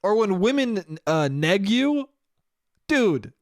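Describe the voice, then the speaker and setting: A young man talks alone into a close podcast mic, his voice a little high and smooth. He rambles in a casual, profane way, mocks himself and laughs often. The sound is dry with no room around it. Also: big pitch swings, takes it slowly, no room sound. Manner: rambling, profane, self-mocking, frequent laughs. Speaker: podcast host. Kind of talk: solo casual podcast monologue.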